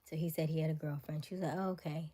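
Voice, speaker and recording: A woman hosting a livestream, chatting casually to her viewers and retelling a story in an animated, incredulous way. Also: low-pitched, quick pace. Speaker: livestream host.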